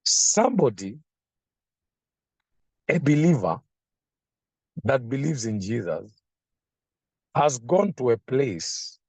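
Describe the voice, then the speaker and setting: A man preaching a sermon, slow and emphatic, repeating phrases for effect. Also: mid-range voice, very animated, a little mellow, slightly rough, dry recording.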